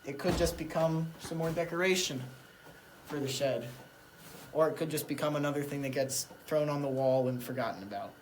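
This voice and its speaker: A man's voice: a little high, fairly quick, slight background noise. A young man hosting a casual workshop vlog in his shed, easygoing and thinking aloud with fillers. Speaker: channel host.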